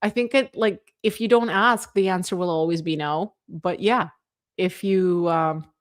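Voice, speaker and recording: A woman's voice: lowish voice, a little slow. A woman from the Soviet Union hosting a livestream, chatting casually and reading viewer comments aloud, full of fillers and the word "like.". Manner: chatty, filler-heavy, many "like"s; earnest, rallying. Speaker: livestream host.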